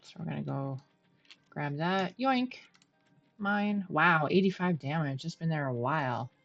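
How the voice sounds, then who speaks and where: A woman's voice: deep voice, moderate pace, creaky, fairly bright tone, lo-fi sound, soft background music. A woman streaming a game, chatting and thinking aloud as she plays and talks to her viewers. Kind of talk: live gameplay commentary.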